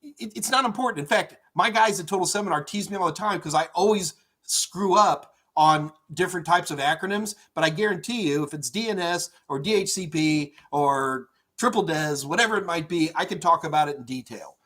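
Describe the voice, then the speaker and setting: Middle-aged male IT trainer, slightly high voice, energetic live-stream Q&A from home, chatty and rambling. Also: brisk. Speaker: IT certification instructor. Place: home office.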